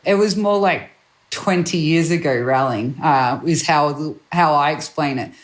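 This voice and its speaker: A woman guest, a rally co-driver, telling stories in a chatty, animated way, acting out the voices of people she quotes and laughing often. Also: sits low, unhurried. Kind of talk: animated anecdotal storytelling.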